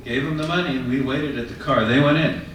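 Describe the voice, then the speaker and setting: A man telling a personal story to an audience in a conversational, animated way. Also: mid-range voice, fast, a little hiss or hum. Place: retirement residence common room. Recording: echoey room, mic far off.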